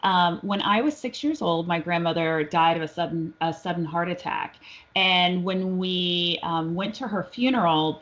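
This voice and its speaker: A woman's voice: medium pitch, muffled recording. A woman telling a personal story on a podcast, acting out the voices of the people in it. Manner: animated storyteller, acts out quoted voices. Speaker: guest psychic medium.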